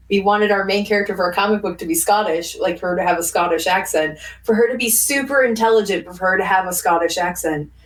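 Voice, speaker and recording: A woman's voice: fairly low pitch, distant mic, poor audio. A woman guest on a podcast, chatting casually in long rambling stretches with frequent laughs and fillers. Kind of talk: casual chat.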